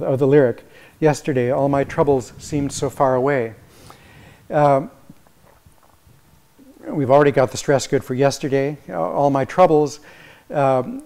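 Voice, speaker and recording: A man, a visiting music professor, giving an academic lecture and explaining ideas as he thinks them through, with many halting restarts. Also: mid-range voice, warm tone. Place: lecture hall.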